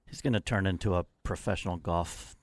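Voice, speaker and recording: A man's voice: sits low, fairly even intonation, fairly quick, a little hiss or hum. A man co-hosting a casual podcast, teasing his partner in a dry, matter-of-fact way. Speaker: podcast co-host. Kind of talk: casual chat.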